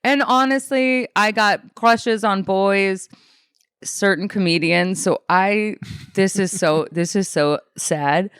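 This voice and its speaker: A woman's voice: medium pitch, takes it slowly, smooth, no echo, studio quality. A young woman from Alaska, a comedian, telling stories casually in an interview, swearing often and acting out what people said. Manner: animated, swearing, acts out quotes in other voices. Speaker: comedian guest.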